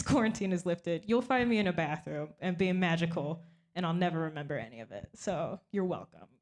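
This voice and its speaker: A young woman performing a stand-up comedy set, deadpan and self-mocking, often breaking into little laughs. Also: medium pitch.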